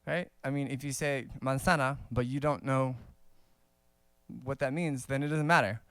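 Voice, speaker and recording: A man giving a casual saxophone lesson, talking in a relaxed, conversational way with many fillers and small laughs. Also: mid-range voice, moderate pace, clear, resonant tone, no room sound, studio quality. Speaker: saxophone teacher.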